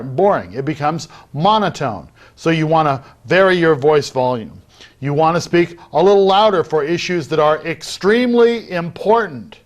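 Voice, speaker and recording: A middle-aged man giving a recorded lecture on public speaking, acting out loud, soft, fast and slow delivery as he explains it. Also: a little high. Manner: demonstrates vocal techniques while teaching, varying loudness and pace. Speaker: debate lecturer.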